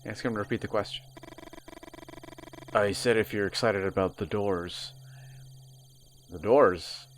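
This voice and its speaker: A man's voice: on the low side, unhurried, pauses often, slight background noise. A man reading a visual novel aloud and reacting with casual swearing. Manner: reads game text aloud, then reacts with casual swearing. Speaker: game streamer.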